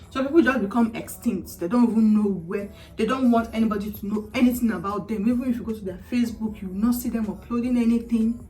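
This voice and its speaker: A woman's voice: medium pitch, mellow, far from the mic, rough recording. A woman from Nigeria with a Nigerian English accent, speaking as a vlogger in a candid, chatty, matter-of-fact advice monologue. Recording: voice a bit off-mic, faint music. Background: faint background music.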